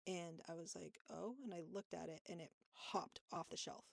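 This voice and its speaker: A young woman with a low, gravelly voice tells a story on a podcast. She rambles, with plenty of fillers and laughter. The sound is dry and close. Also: flat delivery, moderate pace, no room sound. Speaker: podcast co-host. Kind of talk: casual storytelling chat.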